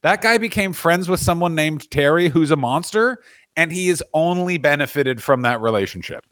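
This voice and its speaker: A man's voice: on the high side, lively intonation, moderate pace, fairly bright tone, no room sound, clean studio sound. A man co-hosting a comedy podcast, talking in a crude, rambling, joking way from the corner of his living room. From Canada. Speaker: podcast co-host. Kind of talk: casual comedic chat.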